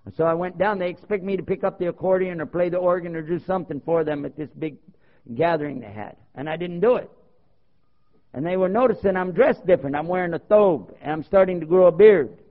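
A man preaching with a fairly high voice and plenty of rhetorical questions. He tells stories animatedly and acts out the dialogue. The sound is dull and lo-fi, like an old tape. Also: brisk. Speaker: Muslim preacher. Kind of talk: sermon with storytelling.

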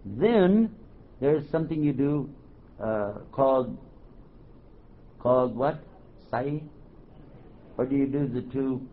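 A man giving a religious lecture to a live audience, animated, quizzing the crowd and joking. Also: mid-range voice, takes it slowly, long pauses. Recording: dull lo-fi recording, faint hiss.

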